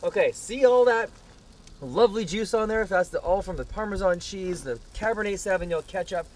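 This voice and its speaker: A man hosting an outdoor grilling show, talking through a recipe in a hammy, excitable way and hollering over the food. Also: high-pitched, normal speed. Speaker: cooking show host. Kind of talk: upbeat cooking demo chat.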